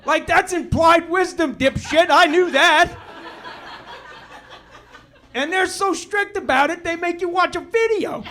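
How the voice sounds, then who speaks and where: A middle-aged man performs stand-up in a comedy club, his voice pitched very high. He tells his stories in a laid-back drawl, then suddenly bursts into loud, shouted outrage. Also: measured pace, long pauses. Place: comedy club stage with audience laughter.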